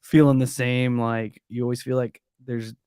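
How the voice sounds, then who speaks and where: A man's voice: medium pitch, little pitch movement, normal speed, darkish tone, smooth, no echo, studio quality. A man hosting a podcast, chatting casually and thanking a caller. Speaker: podcast host. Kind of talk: casual chat.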